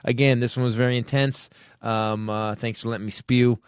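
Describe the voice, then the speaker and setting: A man hosting a comedy podcast, joking loudly and laughing often in a studio. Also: medium pitch, steady tone, moderate pace, clean tone, dry recording. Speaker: podcast host. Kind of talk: casual comedic chat.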